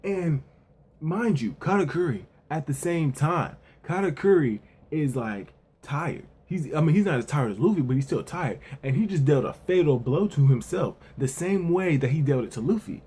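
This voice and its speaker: A man's voice: a little high, moderate pace, slightly rough. A man giving a casual, loose spoken recap as a reviewer, leaning on fillers and repeating himself, sometimes raising his voice to act out characters' lines. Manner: relaxed, repetitive, with frequent verbal fillers; acts out characters' lines in a lightly raised voice. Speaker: anime and manga reviewer.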